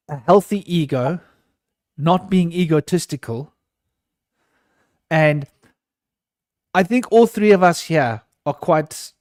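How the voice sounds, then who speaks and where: A man's voice: medium pitch, no echo. Rambling man, dry close sound. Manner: rambling and emotional, many restarts. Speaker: round table guest. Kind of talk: casual group discussion.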